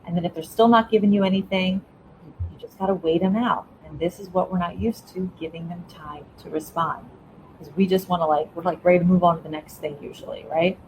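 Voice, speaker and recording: Lower-voiced woman explaining, checking in as she goes. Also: fairly quick, darkish tone, a little hiss or hum, low-quality recording. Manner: explains step by step, keeps checking in with "right?". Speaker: guest, former school principal. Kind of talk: casual interview talk.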